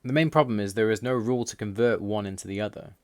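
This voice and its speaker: Man, lower voice, measured voice-over explainer for a language lesson. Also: no echo, clean studio sound. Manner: measured, reads out word lists slowly. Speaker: language learner explaining Russian.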